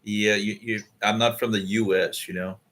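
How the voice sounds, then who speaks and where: A man runs a casual chat stream, his voice low-pitched but bright and sharp in tone. He answers calmly and hesitantly, in short, mild replies. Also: moderate pace. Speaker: streamer hosting random video chats.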